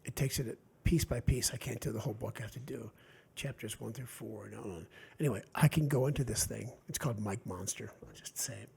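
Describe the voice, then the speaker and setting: A man with a Delaware Valley accent, an author chatting on a podcast in a rambling, animated way. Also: fairly low pitch, fast, gravelly, few pauses, husky. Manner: rambling, animated, acts out quotes. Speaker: author guest. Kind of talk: casual podcast chat.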